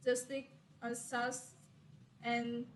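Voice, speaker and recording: A woman student reads her class presentation aloud in a slow, halting way. Her voice sits a little high and stays flat. She stumbles and restarts often. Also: a little hiss or hum, rough recording.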